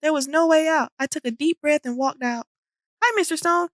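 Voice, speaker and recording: A woman reading a children's storybook aloud in an animated, expressive way. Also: high-pitched, fairly quick, no room sound, clean studio sound. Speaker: storybook reader. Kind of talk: children's book read-aloud.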